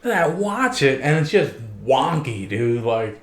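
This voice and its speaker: A man's voice: mid-range voice, big pitch swings, a little slow. Laid-back young man in an echoey room. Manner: laid-back, profane storytelling. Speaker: podcast co-host. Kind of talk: casual chat. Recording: roomy echo.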